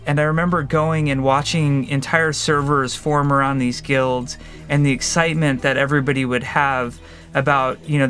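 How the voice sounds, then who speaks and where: A man reflects on his favorite moments in an interview, thoughtful and a little halting, restarting his sentences now and then. His pitch is medium, and faint music sits in the background. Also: a bit bright. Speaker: game designer.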